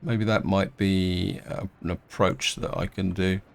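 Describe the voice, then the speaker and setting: A man's voice: low-pitched, fairly even intonation, unhurried, gravelly. A middle-aged man casually commenting on his gameplay, thinking aloud with hesitant restarts and fillers. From England. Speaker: game let's-player.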